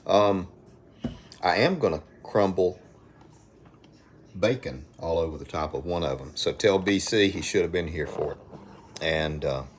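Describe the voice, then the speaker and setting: With a low-pitched voice, a slightly slow pace and frequent pauses, a middle-aged Alabama man hosts a casual live stream on his phone at home. He rambles in folksy fashion and speaks to viewers by name, over slight background noise.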